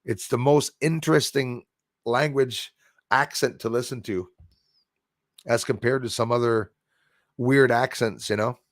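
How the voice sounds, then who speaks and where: A man's voice: mid-range voice, fairly even intonation, unhurried, long pauses, no room sound, studio quality. A man hosting a casual live stream, rambling as he greets viewers and reads their chat comments aloud.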